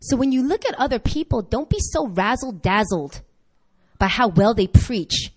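A woman pastor delivers a sermon in a somewhat high voice. She tells stories animatedly, slipping into the voices of the people she quotes. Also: lively intonation, normal speed, husky.

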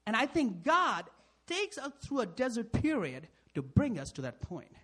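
A male pastor preaching with a husky, breathy edge to a fairly high voice. He asks rhetorical questions, checks in with "right?", and swings between loud emphasis and near-quiet asides. His pitch moves a lot from phrase to phrase. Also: huge pitch swings, normal speed. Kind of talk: sermon.

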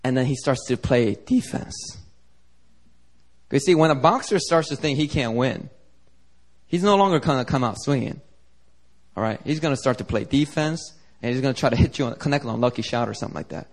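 A man preaching a sermon as pastor, telling a lively, joking story to the congregation. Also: mid-range voice, fairly quick. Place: church service.

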